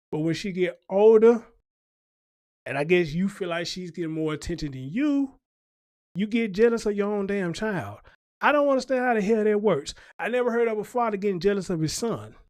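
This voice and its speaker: A man with a high voice hosts a casual commentary show. He rants in an emphatic, preachy way and keeps checking that his listeners agree. The sound is dry and close. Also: normal speed, darkish tone, no echo.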